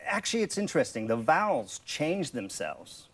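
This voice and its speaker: A man's voice: on the high side, big pitch swings, normal speed, fairly bright tone. A man, a coach and TV guest, explaining his method step by step with many restarts. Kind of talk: TV interview. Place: TV studio.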